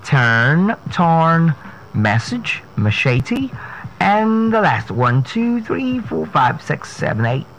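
Slow, deliberate male radio language coach. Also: a little high, big pitch swings, fairly bright tone, a little hiss or hum, rough recording. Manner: spells words letter by letter, repeats them slowly. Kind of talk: slow pronunciation lesson on radio.

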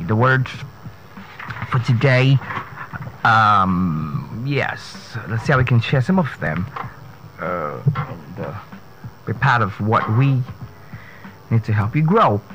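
A man, a speech coach giving an emphatic pronunciation lesson, repeating and spelling out words. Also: mid-range voice. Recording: dull lo-fi sound with faint noise.

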